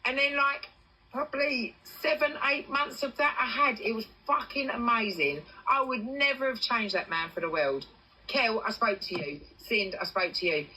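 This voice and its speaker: An English woman on a casual livestream, telling a personal story in animated bursts and swearing freely. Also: medium pitch, low-quality recording. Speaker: TikTok livestreamer.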